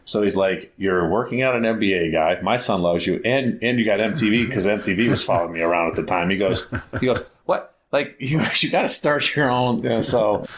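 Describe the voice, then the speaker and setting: This middle-aged Ohio man, founder of a basketball academy, speaks as a podcast guest, telling a casual, meandering story full of "like" and restarts while acting out the lines he quotes. He talks fairly quickly with few pauses and a fairly low pitch, over a bit of hiss or hum.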